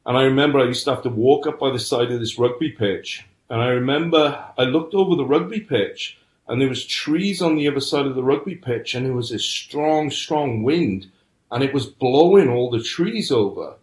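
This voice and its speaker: Middle-aged man, earnest storyteller, mid-pitched voice, roomy echo. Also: moderate pace. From United Kingdom. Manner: earnest storytelling, frequent restarts. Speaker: podcast guest. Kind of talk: personal testimony.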